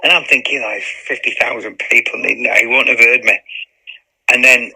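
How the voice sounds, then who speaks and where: A man in his fifties, a former footballer and interview guest, telling a story in lively chat, acting out quotes and swearing freely. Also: medium pitch, moderate pace, vocal fry, breathy edge, rough recording.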